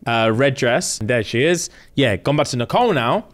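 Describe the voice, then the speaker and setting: A man's voice: medium pitch, normal speed. A man in casual chat, retelling a reality show and acting out everyone's lines. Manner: animated storyteller acting out quotes.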